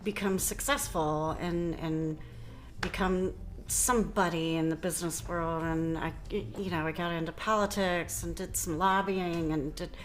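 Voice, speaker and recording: A woman's voice: fairly low pitch, fairly even intonation, moderate pace, slight background noise. A middle-aged woman, a guest musician on a podcast, speaking earnestly and often finishing her twin sister's sentences in casual conversation. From Ohio, USA. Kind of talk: casual interview chat.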